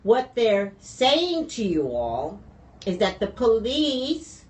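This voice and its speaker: A woman's voice: a little high, sing-song, slow pace, a little mellow. Chatty gossiping woman psychic. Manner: chatty, gossipy, trails off and restarts. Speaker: psychic reader and co-host. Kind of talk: casual chat.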